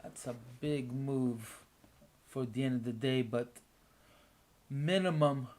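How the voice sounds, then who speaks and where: Slow, unhurried man muttering to himself. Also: medium pitch, darkish tone, a little hiss or hum. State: sleepy, yawning. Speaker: day trader streaming a live trading room. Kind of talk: casual thinking aloud while trading.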